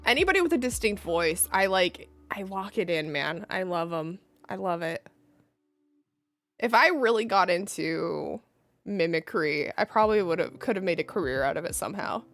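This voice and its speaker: A woman's voice: fairly low pitch, lively intonation, normal speed, fairly bright tone, faint music behind. A young woman streaming live, chatting in a bubbly, giggly way and greeting viewers by name. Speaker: livestreamer. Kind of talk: casual live-stream chat.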